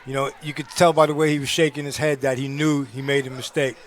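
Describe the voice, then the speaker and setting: Male color analyst, mid-pitched, steady and explanatory, coach-like breakdowns with casual fillers. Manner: measured, explanatory, frequent fillers like "you know". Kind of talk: football color commentary.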